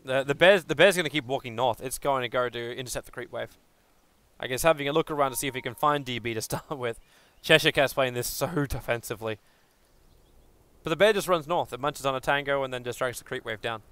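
A man casting a live esports match on a headset, calling the play in an energetic, quick and excitable way. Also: medium pitch, clear, resonant tone, no echo. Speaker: esports caster. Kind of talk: live game commentary.

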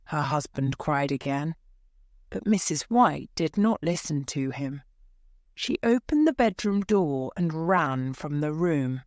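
Woman reading a story for english learners, slow and clear, lowish voice. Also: lively intonation, a little mellow, no room sound, studio quality. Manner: clear, deliberate.

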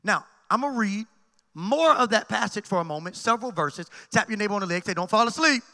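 A male pastor preaches a sermon, his voice pitched high and bright. He pauses to get the congregation talking back to him. The sound rings with the long reverb of a church sanctuary. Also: animated. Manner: preaching with call-and-response asides.

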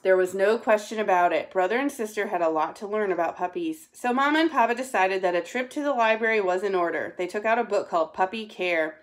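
A woman's voice: medium pitch, quick pace, few pauses. Woman reading a storybook aloud. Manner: gentle, answers a child's interruptions. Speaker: teacher.

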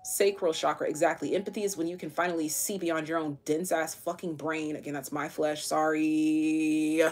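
A woman's voice: deep voice, little pitch movement, moderate pace, darkish tone. A woman giving a casual live tarot reading, chatty, with many fillers and casual swearing. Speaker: tarot reader.

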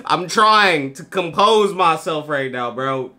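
A man's voice: on the high side, expressive, takes it slowly, sharp tone. A man hosting a reaction video, commenting casually in slang and laughing often.

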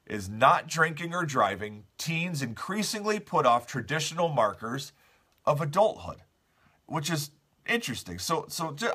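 A man's voice: medium pitch, husky. A man hosting a casual morning show, reading out news stories and chatting about them with the viewers. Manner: animated, talks straight to viewers, reads headlines aloud.

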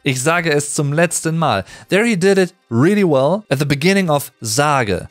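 A German-accented man explains language points with a lively, swooping pitch, slowing down to dwell on key sounds. His voice is close and dry, with faint music underneath. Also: no echo. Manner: animated, explanatory, slows to stress sounds.

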